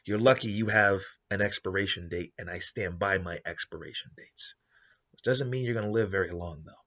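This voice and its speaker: A man with a low, husky voice talks through a story pitch in a loose, animated way. He slips in quick character voices as he goes. The recording sounds muffled and lo-fi. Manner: animated, acts out quoted characters in passing. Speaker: podcast host. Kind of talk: casual story pitch monologue.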